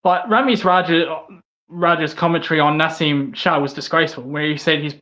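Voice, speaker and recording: A man's voice: a little high, fairly even intonation, a little fast, sharp tone. A man with an Australian accent, a cricket fan talking as a podcast guest, blunt and heated, repeating himself when riled. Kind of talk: casual podcast chat.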